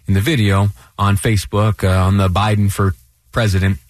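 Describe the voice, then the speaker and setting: A man hosting a radio talk show, speaking earnestly and a little haltingly, with restarts and fillers. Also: fairly low pitch, little pitch movement, no echo.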